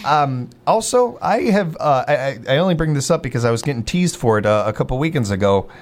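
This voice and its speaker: This host of a casual banter show talks a little fast, his medium-pitched voice expressive. His style is rambling and self-mocking, with frequent stammering restarts mid-sentence.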